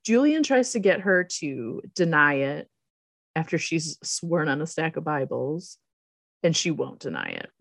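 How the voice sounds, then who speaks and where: Woman, casual recap, lower voice, laughs a lot, dry close sound. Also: big pitch swings, measured pace, vocal fry, no room sound. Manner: laughs often, acts out quoted lines. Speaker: podcast co-host recapping a movie. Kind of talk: casual chat.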